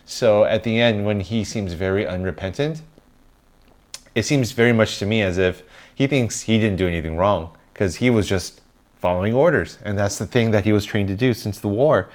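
A man with a lowish voice talks films on a podcast. He gives his opinions freely and jokes along the way. His talk is casual, with a few restarts. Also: moderate pace. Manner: opinionated, joking, with some restarts. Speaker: podcast co-host. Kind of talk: casual film review chat.

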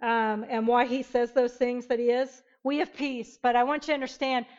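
A woman teaching an interactive Bible lesson, emphatic and animated, questioning her class. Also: fairly high pitch, moderate pace, lo-fi sound.

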